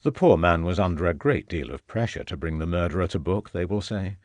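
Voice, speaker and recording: Casting: a man playing a gloating, murderous Victorian gentleman villain, low sneering voice, dry close sound. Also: lively intonation, fairly quick, dry recording.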